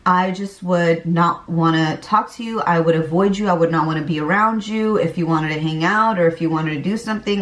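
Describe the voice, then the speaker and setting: A young woman vlogging candidly and chattily about her pregnancy, laughing now and then as she recalls things. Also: fairly low pitch. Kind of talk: casual pregnancy vlog talk. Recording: roomy, a bit far from the mic.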